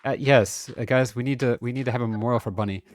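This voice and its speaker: A man's voice: medium pitch, quick pace, no room sound. Playful man streaming a building game. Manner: playful, excitable, sing-song silly bits. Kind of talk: casual game-stream chat.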